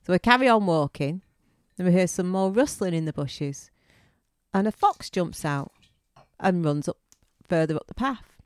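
A woman chatting casually on a podcast, telling a joke in a relaxed way and laughing easily. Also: on the low side, normal speed, no echo, clean studio sound.

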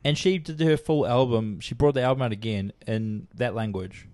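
Young kiwi guy, chill sweary banter, average pitch. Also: normal speed, darkish tone, no echo. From New Zealand. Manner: laid-back, sweary banter. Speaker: podcast co-host. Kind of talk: casual chat.

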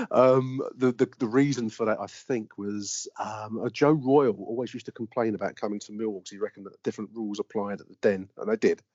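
A man's voice: on the low side, steady tone, fairly quick, a little mellow, dry recording. Chatty man, dull dry recording. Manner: chatty, laughs often, trails off into fillers. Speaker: podcast co-host. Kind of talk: casual football chat.

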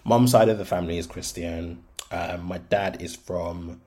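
Speaking slowly and a little mellowly in a low voice with fairly even intonation, a young Birmingham-born man hosts a solo podcast. His Brummie accent shifts toward London as he chats frankly, peppering his talk with ums and likes.

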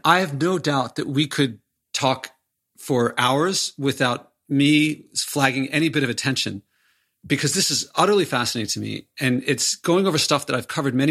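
Enthusiastic podcast host, slightly husky. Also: male voice, medium pitch, a bit bright. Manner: enthusiastic, self-deprecating, interjecting. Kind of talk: casual interview talk.

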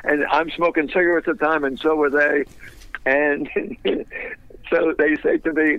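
Older man, lively raconteur, dull dry sound. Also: fairly high pitch, measured pace, dry recording. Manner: lively raconteur, laughs through his stories. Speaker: guest. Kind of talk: anecdotal storytelling in a radio interview.

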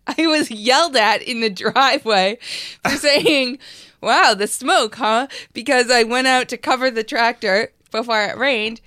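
A woman's voice: a little high, moderate pace, pushed and bright, clean tone, dry recording. A woman co-hosting a talk show, chatting casually and teasing with frequent laughs. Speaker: co-host. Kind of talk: casual chat.

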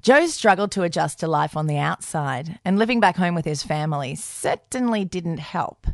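Brief: female co-host, lowish voice, matter-of-fact true-crime narration. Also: lively intonation, moderate pace, dry recording, studio quality. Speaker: podcast co-host.

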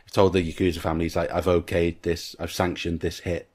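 A man with a very deep voice that barely rises or falls talks casually about a film he has watched. He retells scenes in detail and slips into quoting what the characters say. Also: flat delivery, fairly quick, darkish tone. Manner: recounts scenes at length, acting out lines. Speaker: podcast co-host.

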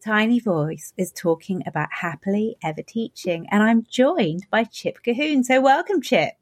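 A woman's voice: mid-range voice, expressive, normal speed. A woman hosting a podcast interview, bubbly and cheerful with a smile in her voice. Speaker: podcast host.

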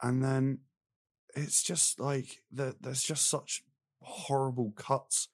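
A young man running through his notes in an exasperated, animated rant. His quoted character voices are mocking. The sound is dry and close. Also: medium pitch, takes it slowly, no echo. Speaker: film review podcast co-host. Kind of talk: casual chat.

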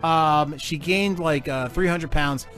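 A man in his forties with a New Jersey accent, sitting at the mic for a podcast and riffing loudly in crude, profane banter. His voice sits a little high for a man. He trips over his words and restarts often, and music runs faintly underneath. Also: slow. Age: 40s. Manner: loud, profane, rambling with restarts. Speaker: podcast co-host.

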